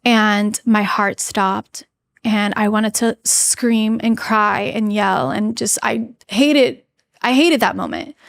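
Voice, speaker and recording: A woman's voice: medium pitch, slow, creaky, no echo. Woman podcast guest, earnest storyteller, chatty with fillers and restarts, dry close sound. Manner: earnest, emotional recounting. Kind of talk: personal storytelling in an interview.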